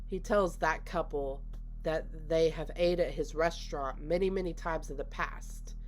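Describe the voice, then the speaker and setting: A woman's voice: deep voice, normal speed, a little hiss or hum. A woman casually recapping a film scene by scene, chatty and full of "like" as she retells what characters say. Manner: chatty, retells scenes with lots of "like" and quoted dialogue. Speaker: movie reviewer. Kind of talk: casual spoken movie recap.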